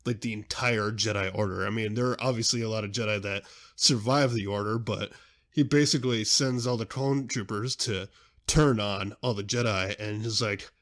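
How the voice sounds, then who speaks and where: Excitable rambling young man. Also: fairly low pitch, fairly quick. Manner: excitable, rambling, self-interrupting. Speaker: podcast host. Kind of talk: casual rambling chat.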